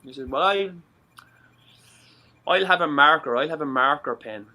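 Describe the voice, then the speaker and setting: An Irish man chats loosely as a show host, tripping over his words and cursing as he goes. His voice has a very bright, sharp tone. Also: on the high side, normal speed. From Ireland. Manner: rambling, stumbles over words, swears freely. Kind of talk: casual chat.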